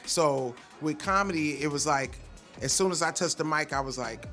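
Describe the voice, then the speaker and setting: A woman comedian being interviewed, who tells animated, profane stories and acts out the voices of other people. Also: low-pitched, normal speed, faint music behind. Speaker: comedian, guest. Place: festival content studio.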